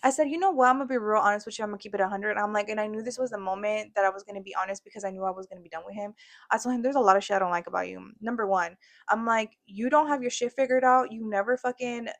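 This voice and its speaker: A young woman co-hosting a podcast, telling a story in fast, profane casual chat and switching into Spanish at times. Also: medium pitch. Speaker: podcast co-host.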